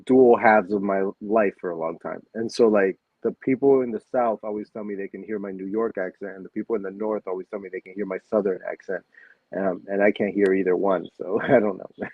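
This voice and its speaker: A man from Puerto Rico, raised in Buffalo and Orlando, chatting in a relaxed, reflective way as a podcast co-host. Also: fairly low pitch, a little fast, slightly rough, no echo. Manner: relaxed, laughs easily, reflective. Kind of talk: casual chat. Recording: phone-like lo-fi, dry.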